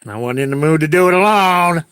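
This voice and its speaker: A man talks casually through a livestream while editing, narrating to himself and to viewers as he goes. His pitch swings widely, so the chat sounds lively and animated. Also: quick pace, clean tone. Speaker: livestreaming video creator.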